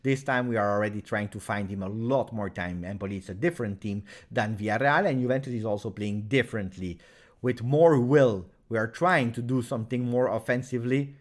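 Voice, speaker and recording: An excitable man with an Italian accent reacting live to a football match. His voice sits at an ordinary middle pitch, and he talks straight to his viewers before bursting into loud cheers. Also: a little fast.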